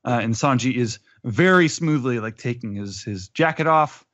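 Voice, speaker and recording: A man's voice: mid-range voice, lively intonation, moderate pace, a bit bright, no room sound, lo-fi sound. A man co-hosting a podcast, recapping a comic with hesitant ums and uhs. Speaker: podcast co-host. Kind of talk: casual chat, recapping a comic.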